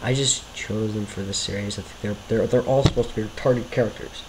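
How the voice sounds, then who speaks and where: A man's voice: lowish voice, fairly even intonation, a little fast, noisy background. A man giving casual, rambling commentary over his own homemade video series, often apologetic and self-deprecating.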